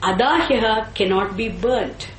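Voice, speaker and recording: Brief: woman lecturing on scripture, very slow and deliberate, echoey room with faint ambience. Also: mid-range voice, a little hiss or hum. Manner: slow and deliberate, repeats and chants Sanskrit terms; asks and answers her own questions. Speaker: teacher of scripture.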